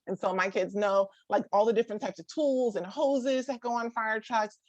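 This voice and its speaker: In a slightly high, somewhat mellow voice, a woman in her thirties talks informally to a live group about parenting. She leans on "like," restarts often, laughs a lot and acts out what others said. The audio is dry and lo-fi.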